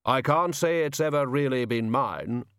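A man reading a storybook, voicing a solemn hooded male gift-giver who speaks in a heavy, puzzled, slow way. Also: medium pitch, a bit bright, smooth, no echo, studio quality. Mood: grave.

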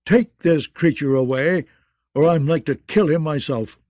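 A man doing a gruff, growling lord. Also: on the high side, measured pace, a little mellow, no room sound, lightly acted. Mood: scornful. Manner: growling, scornful. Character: stern, gruff older male lord, contemptuous.

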